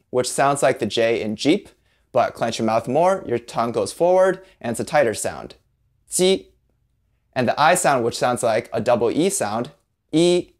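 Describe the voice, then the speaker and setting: A man hosting a scripted language lesson who breaks down pronunciation slowly and carefully. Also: mid-range voice. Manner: careful, drawn-out pronunciation demonstrations. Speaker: Chinese language teacher.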